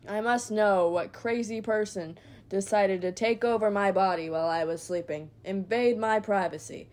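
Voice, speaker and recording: A young woman giving casual gameplay commentary, excitable and swinging between quiet muttering and loud outbursts. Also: mid-range voice, normal speed. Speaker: gaming video creator.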